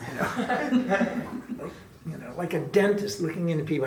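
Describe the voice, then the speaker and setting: A man's voice: a little high, normal speed, crowd noise. Joking man teaching a spiritual class. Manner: joking and lively, laughs often, imitates chants and accents. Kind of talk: informal spiritual lecture. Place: ashram class room. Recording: echoey room with faint background ambience.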